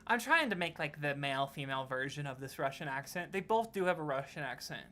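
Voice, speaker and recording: A woman's voice: sits low, expressive, fast, fairly bright tone, faint music behind. A woman narrating as game master of a tabletop game, rambling and self-correcting as she goes.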